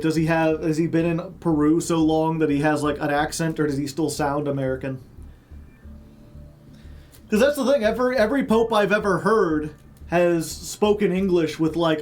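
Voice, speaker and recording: Male streamer from Chicago, slightly high voice, loose rambling delivery with joking asides, faint background music. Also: darkish tone. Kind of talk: casual chat with stream viewers.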